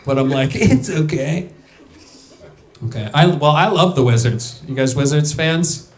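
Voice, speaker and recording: A young male stand-up comic works the crowd at a comedy club, his mid-range voice moving at a moderate pace. He's loose and chatty, laughing through his punchlines as the room echoes around him.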